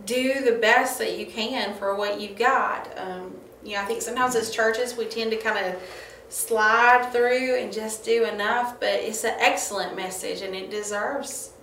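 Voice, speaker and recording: A woman co-hosting a church ministry talk show, speaking in a measured, encouraging way. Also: on the high side, steady tone, a bit bright. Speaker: co-host. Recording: roomy, distant, faint background noise.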